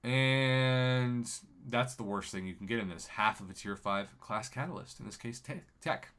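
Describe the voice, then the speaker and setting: At a normal pace and medium pitch, a streamer chats informally while playing a mobile game. Excitable and laughing, he voices his viewers' comments aloud.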